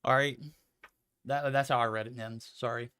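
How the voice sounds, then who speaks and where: A man casting esports, animated and joking, with big swings in loudness. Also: mid-range voice, moderate pace, smooth, no room sound. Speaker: esports caster. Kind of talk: esports commentary. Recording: music playing behind the voice.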